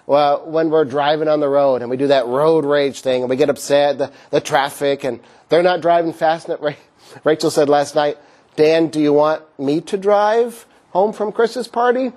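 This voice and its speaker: A man's voice: on the high side, a little mellow. A middle-aged male pastor giving a conversational sermon, weaving in personal stories.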